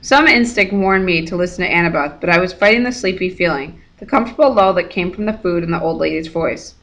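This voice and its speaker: Bright-voiced woman reading a novel aloud. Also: on the low side, fast talker, few pauses. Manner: slips and rereads words. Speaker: reader.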